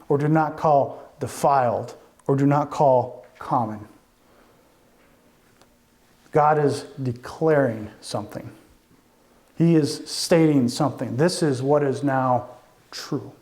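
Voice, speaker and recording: Animated pastor with a raised voice. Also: male voice, on the high side, slow, long pauses. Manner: conversational, animated preaching with asides. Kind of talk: sermon.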